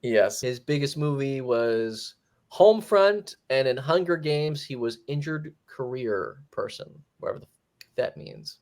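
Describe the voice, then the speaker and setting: A man hosting a relaxed movie review with friends, his voice sitting in an ordinary middle register. He talks in an animated, jokey way and drops into mock voices now and then. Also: medium pitch. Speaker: movie review podcast host. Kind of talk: casual movie review chat.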